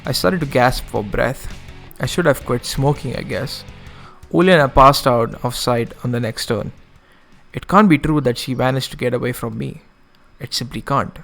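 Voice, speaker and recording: Streamer man, gravelly and mid-pitched, reads a game's story aloud, faint music behind. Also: moderate pace, fairly bright tone. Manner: casual asides, self-correcting. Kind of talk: reading a visual novel aloud with commentary.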